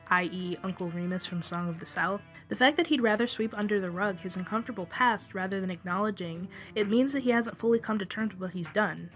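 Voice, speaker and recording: A woman reads a scripted callout video essay in an even, accusatory tone. Her voice sits in a middle register. Faint music plays beneath. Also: medium pitch.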